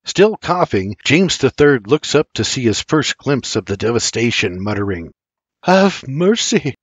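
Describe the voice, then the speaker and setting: Older male narrator, dramatic and animated in delivery, dry booth sound. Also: mid-range voice, normal speed, slightly rough, no room sound, muffled recording. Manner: dramatic, intense storytelling. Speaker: audiobook narrator. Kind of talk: scripted dramatic audiobook narration.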